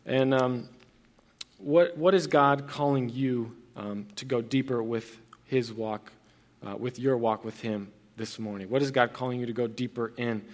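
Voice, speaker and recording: A man's voice: medium pitch, steady tone, unhurried. A young man preaching a sermon as pastor, earnest and conversational, with frequent restarts and fillers.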